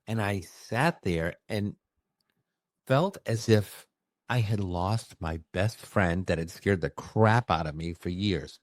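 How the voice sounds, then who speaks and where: A man who works as a medium, telling a personal story in an expressive, emphatic way during a conversation. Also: low-pitched, no echo, studio quality. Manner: expressive, emphatic, with bursts of fast speech. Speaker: medium recounting his experiences.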